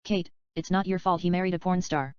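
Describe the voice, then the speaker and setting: A teasing, provocative actress, read aloud by a woman pokes at her partner. The voice is smooth and a little low, read plainly. The recording is dry and close, with a dull, slightly lo-fi sound. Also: fairly even intonation, fairly quick, darkish tone, dry recording, natural voice.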